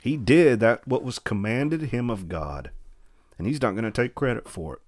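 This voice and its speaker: A man's voice: mid-range voice, lively intonation, moderate pace. Man preaching verse by verse. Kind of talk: verse-by-verse sermon.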